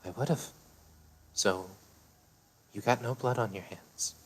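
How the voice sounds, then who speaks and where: A man doing a steady, reassuring young son. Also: on the low side, takes it slowly, slightly rough. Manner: reassuring, firm.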